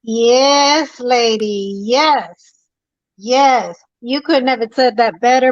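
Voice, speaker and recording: Woman caller on a dull, dry line, high-pitched, hammering her points home like a sermon. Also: takes it slowly, no room sound. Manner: preachy, emphatic, repeats phrases for effect. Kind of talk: impassioned call-in talk.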